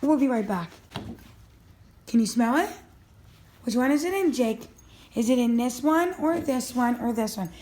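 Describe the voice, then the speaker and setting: A woman's voice: fairly high pitch, lively intonation, measured pace, pauses often, a little mellow, a little hiss or hum. A woman filming her dog at home, narrating casually and coaxing him with eager, encouraging talk. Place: at home, indoors.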